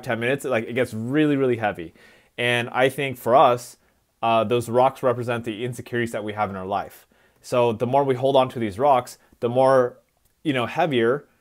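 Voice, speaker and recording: A man who speaks at schools, telling his life story in a reflective, conversational way on a live stream. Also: medium pitch. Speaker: motivational speaker.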